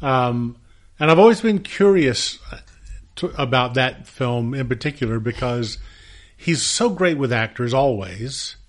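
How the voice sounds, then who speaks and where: A man's voice: mid-range voice, lively intonation. Thoughtful man interviewing a guest. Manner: thoughtful, measured opinions with hesitant fillers. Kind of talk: casual interview conversation.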